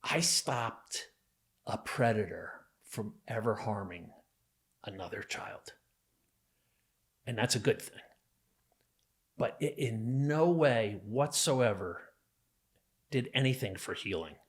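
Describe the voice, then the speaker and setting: Speaking slowly in a lowish, breathy voice, a middle-aged man from New Jersey leaves long pauses but stays animated. On a podcast, he gives an intense, emphatic and vivid account of a violent memory from his life.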